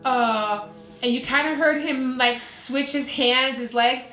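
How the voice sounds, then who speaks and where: A woman's voice: high voice, unhurried. A middle-aged woman, a guest psychic medium, telling a story in casual chat and acting out the people in it. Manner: animated storyteller, acts out the people in her story. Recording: echoey room, faint music.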